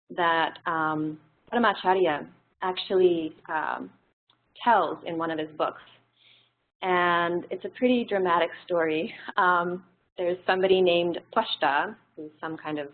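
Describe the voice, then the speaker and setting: A woman teaching a classroom lesson in a relaxed, explanatory way, pausing on frequent fillers. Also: fairly low pitch. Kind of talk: classroom lecture. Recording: tinny phone-like audio.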